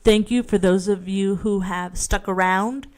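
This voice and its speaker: In a mid-range, steady, slightly mellow voice, a woman talks unhurriedly on her own podcast. As host, she rambles through a casual solo rant, swearing freely, speaking frankly and frequently making fun of herself.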